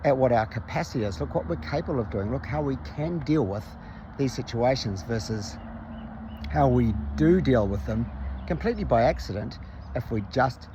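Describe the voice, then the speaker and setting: Man, candid reflective storytelling, mid pitch, faint traffic outdoors. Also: expressive, moderate pace. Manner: candid, conversational, self-reflective. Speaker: vlogger.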